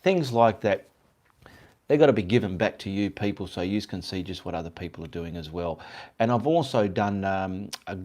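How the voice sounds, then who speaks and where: Australian male artist-host, casual rambling live chat from a home webcam setup, slightly low voice. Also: animated, normal speed, darkish tone. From Perth, Western Australia. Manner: rambling, friendly, greets viewers by name.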